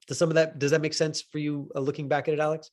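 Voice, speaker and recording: Rambling acting coach, slightly high voice. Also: male voice, level tone, fast, darkish tone. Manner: rambling, lots of fillers and restarts. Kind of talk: casual teaching critique.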